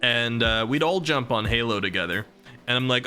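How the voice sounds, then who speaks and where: A man's voice: medium pitch, lively intonation, moderate pace, sharp tone, faint music behind. A man in his thirties chatting casually on a live stream, rambling and chuckling between thoughts.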